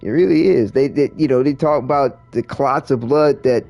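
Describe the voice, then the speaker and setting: A man's voice: medium pitch, moderate pace, gravelly, darkish tone, no room sound, faint music behind. A man streaming a game, chatting casually with viewers in a rambling way, full of restarts and fillers. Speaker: livestreamer. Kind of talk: casual chat while gaming.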